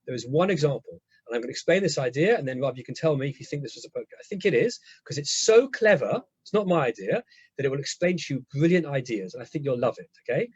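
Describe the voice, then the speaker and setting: A man's voice: mid-range voice, lively intonation, fast talker, slightly rough, no echo, dull audio. A man giving an enthusiastic lecture as a rabbi, often checking in with his listeners. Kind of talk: lively lecture to a congregation.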